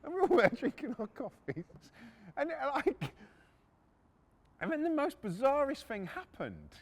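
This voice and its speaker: A man's voice: extremely high pitch, huge pitch swings, unhurried. A middle-aged man, hosting a podcast and casually telling a story from his working life, blunt and swearing freely. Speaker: podcast host.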